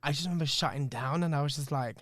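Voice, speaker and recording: A man's voice: a little high, quick pace, a bit bright, dry recording, clean studio sound. A man, hosting a podcast and telling a personal story in an emotional, reflective, candid way, swearing freely. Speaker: podcast host.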